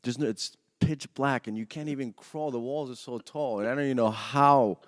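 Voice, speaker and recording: A man's voice: medium pitch, moderate pace, no room sound. Rambling storyteller man, dry studio sound. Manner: rambling, restarts often, laughs through his telling. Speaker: podcast guest. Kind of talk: animated storytelling. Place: podcast studio.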